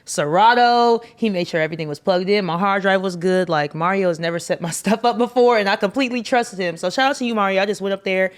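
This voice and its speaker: A woman co-hosting a casual studio chat show as a DJ, emphatic and sometimes loud and high when excited. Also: quick pace, few pauses. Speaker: co-host and DJ.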